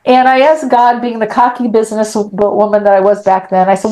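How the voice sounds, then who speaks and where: Middle-aged woman, podcast guest, blunt, animated storytelling, acts out the lines. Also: on the high side, a little fast, low-quality recording. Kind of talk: personal storytelling in an interview.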